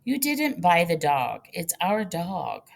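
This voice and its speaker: A woman's voice: lowish voice, sing-song, slow pace, gravelly, full character voice. A woman voicing a firm, impatient mother. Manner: firm and no-nonsense.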